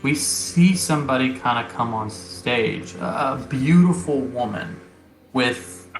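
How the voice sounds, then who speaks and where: A man narrating as game master of a tabletop game, descriptive and halting with many pauses. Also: medium pitch, lively intonation. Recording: roomy recording, faint music.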